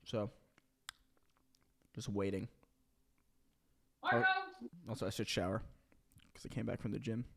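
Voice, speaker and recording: A man's voice: lowish voice, unhurried, gravelly, pauses often, a little hiss or hum. A young man hosting a casual stream, chatting loosely and swearing while he eats. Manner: relaxed, profane, chatting while eating. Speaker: streamer host.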